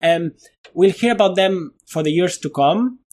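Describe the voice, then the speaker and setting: Speaking at a measured pace in a voice that sits high, a middle-aged Spanish-accented man from Spain, a neuroscientist, answers thoughtfully as an interview guest, lively, restarting his sentences, and laughing at himself.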